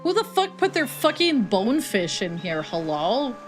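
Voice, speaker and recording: A woman's voice: a little high, very animated, moderate pace, faint music behind. A woman from Texas streaming a game, chatting casually and swearing freely as she reacts. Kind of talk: casual gaming livestream chat.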